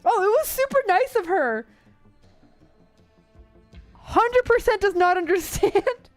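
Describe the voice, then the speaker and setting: Chatty high-voiced woman streamer. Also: lively intonation, takes it slowly, dry recording, faint music behind. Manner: chatty, laughing, lots of "like" and "dude". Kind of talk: casual livestream chat while reading a game story.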